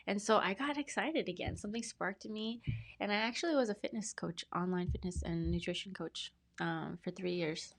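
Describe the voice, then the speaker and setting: A woman's voice: mid-range voice, normal speed, creaky. A woman in her thirties, a podcast guest telling her story in a casual, earnest, rambling way with many fillers and restarts. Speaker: podcast guest, brand specialist.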